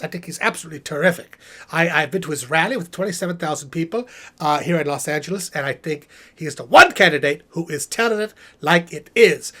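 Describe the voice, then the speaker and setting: Guy doing a theatrical puppet professor, swoopy lively voice, rambles on a live stream. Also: fairly high pitch. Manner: animated, theatrical, rambling asides. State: out of breath, exhausted. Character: chatty male puppet professor, theatrical and self-important. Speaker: puppet host.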